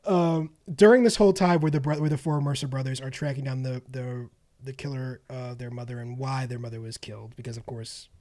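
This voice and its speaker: A man's voice: mid-range voice, little pitch movement, a little fast, darkish tone. Wry man reviewing a film. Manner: wry, laughs often, trails off with ums. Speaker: podcast co-host. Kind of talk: casual film-review chat.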